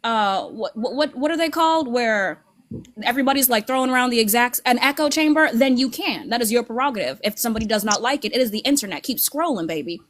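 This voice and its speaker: Sassy high-voiced woman panelist. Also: expressive, quick pace, fairly bright tone. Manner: sassy, playful, candid. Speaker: panel guest. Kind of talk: casual panel chat.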